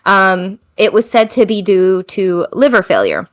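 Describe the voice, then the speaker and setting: Podcast co-host lady reading her notes, mid pitch, lots of ums, keeps tripping on names and saying sorry. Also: sing-song. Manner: halting, full of ums, stumbles over foreign names and apologizes. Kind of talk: casual chat, reading out research notes.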